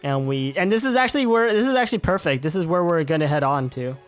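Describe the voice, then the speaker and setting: Male streamer, casual rambling chat, self-correcting, a bit high-pitched, faint music underneath. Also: lively intonation, fast talker, clean tone.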